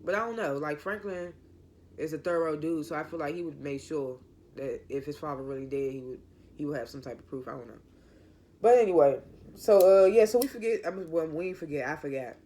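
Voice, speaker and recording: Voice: medium pitch, fairly quick, warm tone, slight background noise. A TV show reviewer giving a casual recap in an opinionated, rambling way, often correcting themself mid-sentence.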